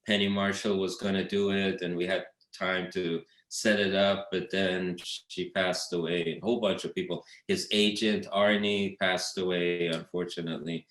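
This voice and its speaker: A man's voice: low voice, level tone, normal speed, hardly any pauses, a bit bright. A man being interviewed as a guest, telling stories casually with many fillers and restarts. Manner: rambling storytelling with many fillers. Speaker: documentary director, guest. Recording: roomy echo.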